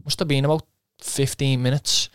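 A man's voice: medium pitch, little pitch movement, normal speed, fairly bright tone, clean tone, dry recording, studio quality. A young man telling a rambling, swearing footballer's anecdote, quoting himself and laughing often. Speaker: footballer guest. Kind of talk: casual anecdote.

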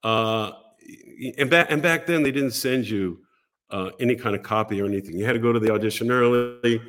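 An older American man, a podcast guest telling a story in a casual, animated way and acting out the voices of people he quotes. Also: medium pitch, a little fast.

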